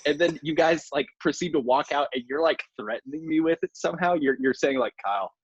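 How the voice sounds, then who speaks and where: Young guy co-host telling a story, teasing his buddy, kinda raspy, dull lo-fi mic. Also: fairly high pitch, a little fast, no room sound. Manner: animated recounting, teasing. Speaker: podcast co-host. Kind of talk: casual storytelling chat.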